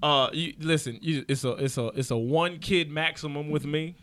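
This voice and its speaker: A man's voice: fairly high pitch, fairly even intonation, moderate pace, a bit bright. A male comedian chatting as a guest on a podcast, joking animatedly and laughing often. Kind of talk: casual podcast chat.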